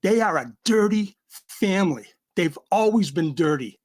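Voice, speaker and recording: A man's voice: high-pitched, expressive, normal speed, a little mellow. A man with a Boston accent, a guest ranting in bursts on a livestream call. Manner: combative, emphatic, talks in bursts. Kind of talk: heated livestream rant.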